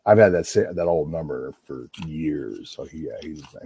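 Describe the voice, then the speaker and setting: A man's voice: very deep voice, expressive, normal speed, gravelly, heavy background noise. A middle-aged man rambling and swearing in a casual livestream monologue, talking over himself. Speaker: livestream host on a phone call.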